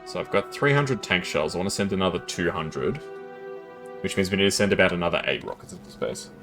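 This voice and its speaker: Deep-voiced, chatty male game streamer. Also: expressive, brisk, over music. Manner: chatty, laughs often, self-deprecating. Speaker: gameplay streamer. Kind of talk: casual live-stream commentary.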